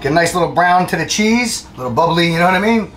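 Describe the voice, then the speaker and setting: A man walks through a recipe in a kitchen in a casual, plain-spoken way. His pitch swings a lot as he talks, and clear music plays behind him. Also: expressive, fast talker. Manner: chatty, laughs easily, plain-spoken. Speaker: guest cook. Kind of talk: casual cooking demonstration.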